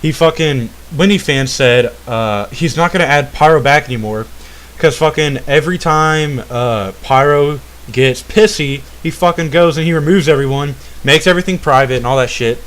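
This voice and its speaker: A man's voice: fairly high pitch, moderate pace, a bit bright. A young man hosting a gaming vlog, ranting in a rambling way with constant swearing and a habit of asking "all right?". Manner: rambling, full of "uh" and restarts. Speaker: channel host. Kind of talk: profane gaming rant.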